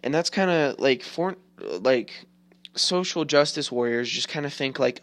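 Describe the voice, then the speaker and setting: A man's voice: mid-range voice, expressive, unhurried, fairly bright tone, dry recording. A man in his twenties hosts a casual podcast rant, rambling on with constant filler words and plenty of swearing. His voice sits in an ordinary middle register. The recording is dry, with no room sound around him. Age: 20s. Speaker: podcast host.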